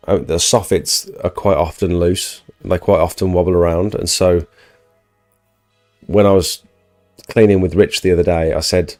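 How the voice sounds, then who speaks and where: A deep, mellow-voiced man hosts a live stream and answers questions from the chat in a loose, conversational way. His voice is wearing thin from a recent illness. Soft music plays faintly underneath. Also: fairly even intonation, moderate pace. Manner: chatty, answers viewer questions, frequent restarts. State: losing his voice, getting over an illness. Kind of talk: casual live Q&A about pressure washing.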